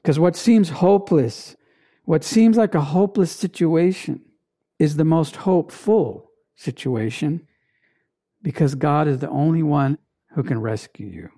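A preacher delivering a sermon in an emphatic way, with dramatic pauses and repeated phrases. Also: medium pitch, mellow.

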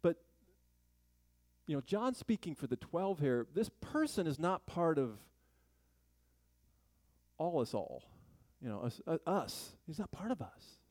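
A man's voice: fairly high pitch, very animated, measured pace, pauses often, darkish tone, no room sound. A man teaching a Bible study in a chatty sermon style, full of joking asides and rhetorical questions.

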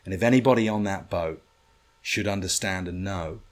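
Very deep-voiced man telling a story. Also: normal speed. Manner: animated, swearing, acts out others' lines. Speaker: storyteller guest. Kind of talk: casual anecdote on a podcast.

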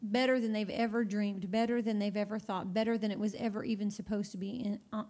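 A woman's voice: medium pitch, steady tone, fast talker, mellow. A woman podcast host praying aloud over her guests in fervent, repetitive declarations. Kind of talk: spoken prayer and declaration.

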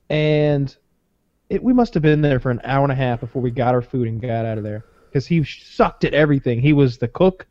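A man's voice: mid-range voice, no room sound. A man co-hosting a podcast, telling a rambling, profane story in casual chat. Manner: rambling, profane, animated retelling. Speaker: podcast co-host. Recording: slightly dull lo-fi sound.

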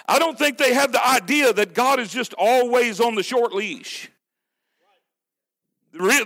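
High, bright-voiced male preacher. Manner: emphatic, with rhetorical questions to the congregation; drops low and quiet to press a point. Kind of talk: sermon.

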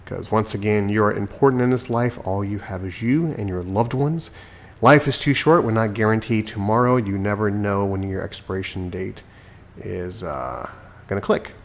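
Low gravelly man, solo podcast host. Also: normal speed. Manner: chatty, preachy, self-mocking. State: sick, recovering from illness. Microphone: desk microphone.

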